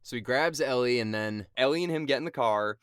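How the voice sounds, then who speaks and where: A man's voice: medium pitch, brisk, clean tone, no echo, studio quality. A young man co-hosting a podcast, talking through a movie in casual chat, swearing and laughing as he goes. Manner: animated, swears and laughs often. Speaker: podcast co-host.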